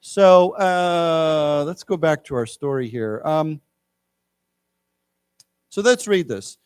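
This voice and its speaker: A middle-aged man leading a casual English lesson, chatting and rambling, with animated quoted voices. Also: fairly high pitch, slow pace, smooth, dry recording. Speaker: English teacher. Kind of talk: casual classroom lecture. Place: lecture room.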